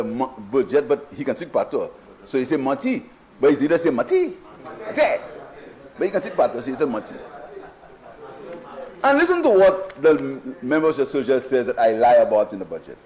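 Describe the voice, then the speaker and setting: A Saint Lucian man speaks in a parliamentary budget debate. His high voice rises and falls widely as he mocks the other side. He keeps repeating his phrases for emphasis. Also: a little mellow, rough recording. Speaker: prime minister in parliament. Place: parliament chamber.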